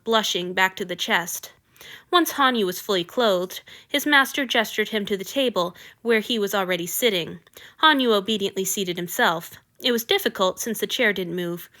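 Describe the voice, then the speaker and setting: A woman reads a fiction story aloud with expressive, lively narration. Her voice is bright and crisp. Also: mid-range voice. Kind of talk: audiobook reading of fiction.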